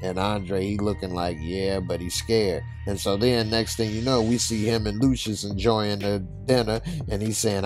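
Slangy, low-voiced man recapping a show. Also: steady tone, normal speed, few pauses, music in the background. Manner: laid-back, slangy, lots of "uh" fillers. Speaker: TV episode reviewer. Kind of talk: casual recap narration.

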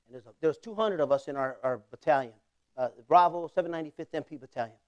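A man's voice: a little high, quick pace. A man in his forties preaching a sermon as pastor, passionate, with call-and-response to the congregation. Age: 40s.

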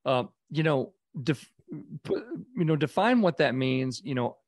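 Lively male podcast host. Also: on the high side, unhurried, gravelly, no room sound. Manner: conversational, lots of fillers like "you know". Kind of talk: podcast interview.

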